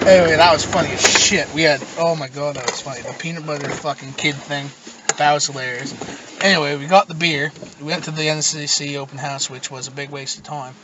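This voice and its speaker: A man's voice: on the high side, fairly even intonation, a little fast. A young man from Nova Scotia, Canada, telling a rambling, profane story in casual podcast chat. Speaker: podcast host. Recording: muffled distant mic with loud noise.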